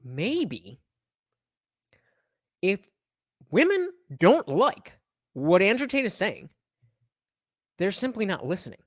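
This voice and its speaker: A man's voice: high-pitched, huge pitch swings, takes it slowly, pauses often, no echo, studio quality. A man reacting to podcast clips on a live stream, sarcastic and mocking as he picks their arguments apart.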